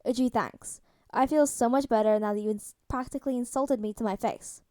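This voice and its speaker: A wry middle-aged man, fatherly and protective, as a woman reads him in a fan audiobook. He teases lightly but soothes gently, in a fairly high, clean voice with a dry, close sound. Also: normal speed, no echo, lightly acted. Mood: teasing.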